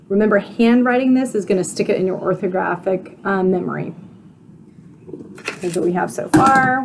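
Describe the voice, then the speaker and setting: A woman teacher giving a spelling lesson, sounding out letters and syllables slowly and asking her students questions. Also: mid-range voice, vocal fry, a little hiss or hum. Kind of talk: slow, deliberate spelling instruction.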